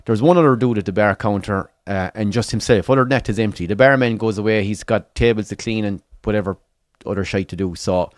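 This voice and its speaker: A man's voice: fairly low pitch, quick pace, few pauses, no room sound. An Irish man co-hosting a football watchalong, telling a long swearing pub story and acting out the people in it. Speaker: watchalong co-host.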